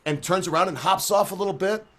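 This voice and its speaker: A man hosting a show, tipsy from drinking, telling crude jokes in a rambling, animated way. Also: high-pitched, fast. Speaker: host. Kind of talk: drunken joke-telling.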